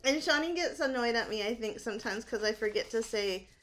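A woman's voice: fairly high pitch, expressive, fairly quick, heavy background noise. A woman with a New England accent, co-hosting a podcast and telling stories with lots of laughter and animation. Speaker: podcast co-host. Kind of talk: casual podcast chat.

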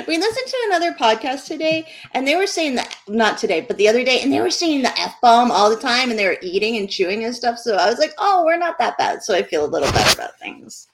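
A woman's voice: a little high, animated, fairly quick. A woman co-hosting a live podcast in casual chat, giggly and chatty, drifting off topic. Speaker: podcast co-host.

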